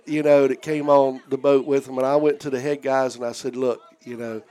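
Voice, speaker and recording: A man's voice: mid-range voice, flat delivery, fairly quick, dark tone, clear, resonant tone. A man telling a charter boat story in casual chat, acting out the voices of the people in it. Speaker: former charter boat captain. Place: outdoor deck.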